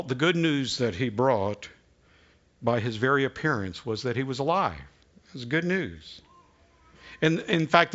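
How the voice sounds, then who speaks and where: A man pastor giving an unhurried, folksy sermon with prayer and jokes, often repeating words as he starts a sentence. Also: mid-range voice, a bit bright, muffled recording. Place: church sanctuary.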